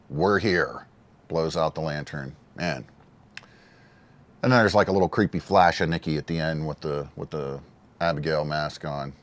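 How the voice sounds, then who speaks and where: A man giving casual, earnest solo commentary on a wrestling show, emotional and given to repeating himself. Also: low-pitched.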